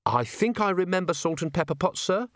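An eager, earnest young constable, voiced by a male narrator, keen to help and answering respectfully. He speaks a little higher than the narrator's own voice, read close and dry. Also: animated, a little fast, no room sound. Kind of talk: audiobook character voice.

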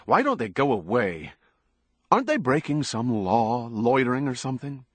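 A man's voice: mid-range voice, very animated, moderate pace, no room sound, voice pushed up. A man voicing a cool, harsh female singer who speaks grimly. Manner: grim, harsh.

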